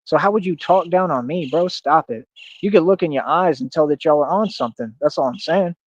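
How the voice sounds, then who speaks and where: A man's voice: fairly high pitch, brisk. Boastful ranting man, lo-fi stream audio. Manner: boastful, combative, repetitive. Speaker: live streamer. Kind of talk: ranting livestream monologue.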